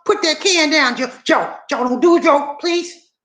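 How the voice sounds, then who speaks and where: A man voicing a frantic disabled wife who begs her husband with high, repeated cries. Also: normal speed, a bit bright, roomy sound. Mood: pleading. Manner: high pleading cries, repeating his name.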